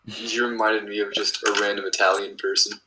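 Joking man with a bright voice. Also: on the low side, flat delivery, a little fast, a little hiss or hum, poor audio. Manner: joking, egging others on. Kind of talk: casual chat while gaming.

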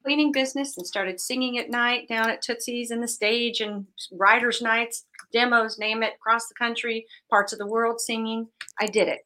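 A woman in her forties tells her story with lively energy as an interview guest. Her voice is bright and sits a little high. She acts out the other voices in her story and talks about her faith. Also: normal speed, few pauses. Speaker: guest, business owner.

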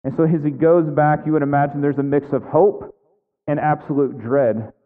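A man's voice: steady tone, moderate pace. A man preaching a conversational sermon, tossing in frequent "right?" asides and acting out the characters' lines. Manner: acts out biblical characters' lines with shifting pitch. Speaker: pastor. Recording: echoey hall over a thin phone-like line.

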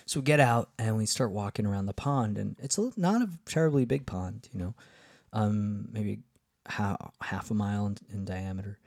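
A man with a low, gravelly voice tells a casual, meandering story for his podcast, full of fillers and restarts. His voice sounds a little husky. The recording is dry and close. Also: moderate pace, darkish tone, no echo. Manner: rambling, many fillers and restarts, upbeat. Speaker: podcast host.

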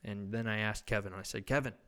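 A man's voice: lowish voice, steady tone, fast talker, a bit bright, smooth. A young man hosting a podcast, telling a loose, profane, rambling anecdote in casual chat. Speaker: podcast host.

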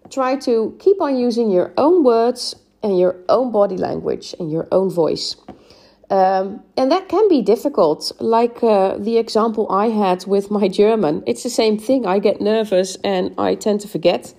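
A woman's voice: mid-range voice, creaky, dark tone. A woman hosting a solo podcast, giving encouraging speaking tips with frequent "um"s and "right?" checks. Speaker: podcast host and English speaking coach. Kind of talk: solo podcast advice talk.

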